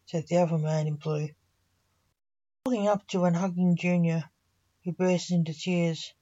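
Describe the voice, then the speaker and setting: A woman reading a story aloud in a slow, even storytelling manner. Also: fairly low pitch, highs cut off.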